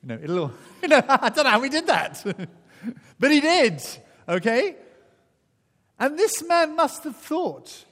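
A man's voice: extremely high pitch, sing-song, unhurried, fairly bright tone. A man preaching a sermon, telling the story vividly and acting out the voices. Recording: echoey hall.

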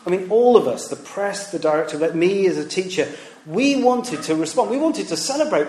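A man's voice: high-pitched, animated, a little fast, darkish tone. A man, a preacher and former teacher, giving a conversational sermon with rhetorical questions and stories. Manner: conversational, rhetorical questions, acts out quoted voices. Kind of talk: sermon with storytelling. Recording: echoey room.

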